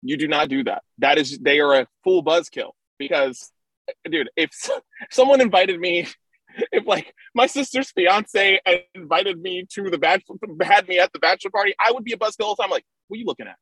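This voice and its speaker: A man co-hosting a podcast over a video call, chatting casually and animated, joking and acting out what others might say. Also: sits high, dry recording, poor audio. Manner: animated, joking, playacts others in quick asides. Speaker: podcast co-host. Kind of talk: casual chat.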